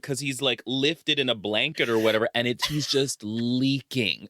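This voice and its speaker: A man's voice: medium pitch, normal speed, hardly any pauses, no room sound, studio quality. A man co-hosting a podcast in casual chat, reacting with exasperation and disgust to a film. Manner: expressive reactions, exasperated and grossed out. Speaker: podcast co-host.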